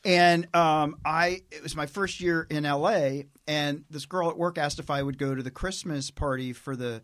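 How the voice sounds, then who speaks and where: A man from Tennessee hosting a podcast interview in a relaxed, self-deprecating conversational way. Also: on the high side, moderate pace. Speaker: podcast host.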